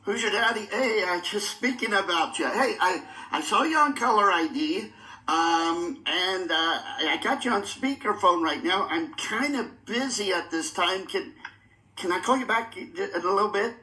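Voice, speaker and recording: A man's voice: high voice, animated, unhurried, pushed and bright, echoey room. A man playing a league commissioner in a comedy sketch, hesitant and stammering.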